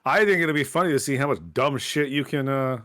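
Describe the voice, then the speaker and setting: A man's voice: medium pitch, a little fast, crowd noise. A man co-hosting a podcast, chatting casually in a bemused, questioning way. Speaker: podcast co-host.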